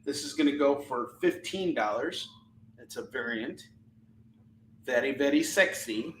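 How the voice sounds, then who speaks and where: A man hosting a live comic-selling stream, animated and ranting, often breaking into laughter. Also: medium pitch, a little slow, recorded from a distance, slight background noise. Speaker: live shopping show host selling comics. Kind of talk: live-stream sales chat and rant. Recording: echoey room.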